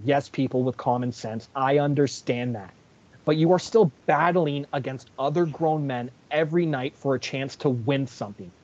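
A man's voice: medium pitch, a little mellow. A man co-hosting a casual sports podcast, ranting in a fired-up, profane way. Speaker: podcast co-host. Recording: dull lo-fi audio.

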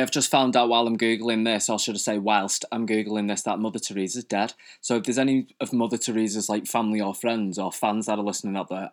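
A young man hosting a comic rant to camera, camp, theatrical and full of swearing. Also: lowish voice. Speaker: host.

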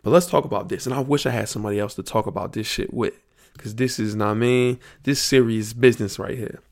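A man's voice: medium pitch, quick pace, creaky, a little mellow. A man hosting a solo podcast, riffing loosely and profanely on sports slang while thinking aloud. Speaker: podcast host. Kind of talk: casual solo podcast talk.

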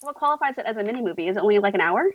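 Fast, lively woman chatting. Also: mid-range voice, dry recording, phone-quality sound. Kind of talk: casual chat.

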